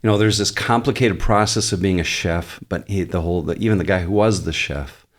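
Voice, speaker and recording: A male pastor with a notably low voice, talking in a relaxed podcast interview. He thinks aloud and circles back to restart his points. He keeps an earnest, conversational tone and lets some easy humor in. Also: fairly quick. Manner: earnest, explains at length with frequent restarts.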